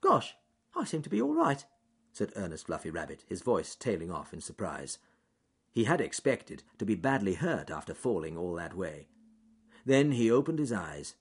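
Male storyteller for a kids' tale, low-set, husky, very lively pitch. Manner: lively, expressive narration with asides. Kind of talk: children's story reading.

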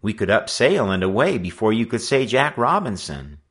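An eager teenage boy, read by a man in nearly his own voice, a touch higher and livelier than the narration. The tone is bright and forceful with an animated rise and fall. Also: normal speed.

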